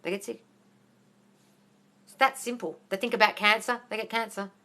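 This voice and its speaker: A woman answering viewers' questions on a live phone stream, talking fast and bluntly, swearing and calling everyone darling. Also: mid-range voice, steady tone, pushed and bright. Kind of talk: casual live Q&A.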